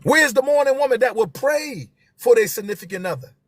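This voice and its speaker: A man's voice: very high-pitched, lively intonation, a little fast, breathy edge, no echo, studio quality. A man, hosting a live stream and talking to viewers with passion, repeating his key phrases for emphasis.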